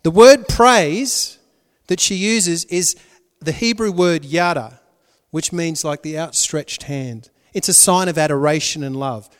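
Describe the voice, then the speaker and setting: A male pastor preaching a sermon, swinging between loud emphatic lines and hushed, prayerful ones. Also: on the high side, unhurried, big-room sound.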